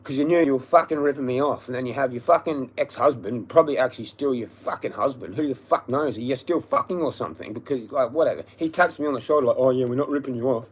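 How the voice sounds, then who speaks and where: A man's voice: mid-range voice, quick pace, few pauses, breathy edge. A man ranting angrily and profanely on a livestream, repeating himself. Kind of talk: angry livestream rant.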